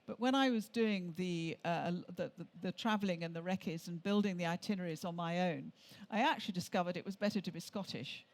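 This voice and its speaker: A woman's voice: on the low side, fairly quick, few pauses. Older Englishwoman telling rambling travel stories. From England. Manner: chatty, rambling storyteller with frequent restarts. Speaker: author and tour leader, interview guest. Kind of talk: conversational anecdotes on stage. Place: stage at a travel show.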